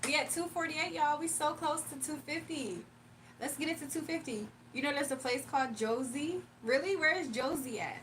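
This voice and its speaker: This livestream host speaks at a moderate pace, her high-pitched voice breaking into frequent laughter while she reads viewers' messages out loud and does readings. The casual chat is picked up slightly off-mic, and a soft room hum lingers underneath.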